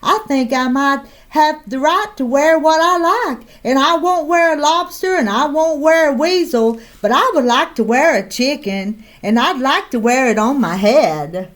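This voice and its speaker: Shy little storybook lady, tiny high meek voice put on by a woman reader. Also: lively intonation, unhurried, few pauses. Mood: timid. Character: timid quiet lady in a chicken hat.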